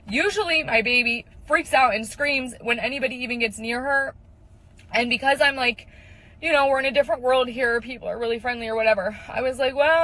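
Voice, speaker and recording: A woman's voice: fairly high pitch, fairly bright tone, no echo, rough recording. A young woman, a mother of four, telling a story in a chatty, filler-heavy way and acting out the people in it. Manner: chatty, lots of fillers, quotes people in voices. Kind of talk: casual storytelling video.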